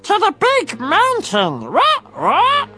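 Squawky frantic parrot lady, a guy doing it, super high and swoopy, slow drawn-out cries. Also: wildly swooping pitch, sharp tone, full character voice. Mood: frantic squawking. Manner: squawks and repeats one word. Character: shrill squawking female pet parrot, frantic. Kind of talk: storybook reading.

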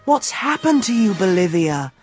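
A man's voice: high-pitched, big pitch swings, normal speed, darkish tone, faint music behind, pitched above the performer's own voice. A man voicing an earnest young boy who calls out eagerly in a storybook reading. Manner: earnest, calling out.

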